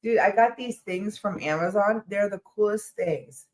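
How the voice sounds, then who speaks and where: A woman co-hosts a casual live stream in a chatty, animated way. Her voice sits at a middle pitch. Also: measured pace. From United States. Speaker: co-host.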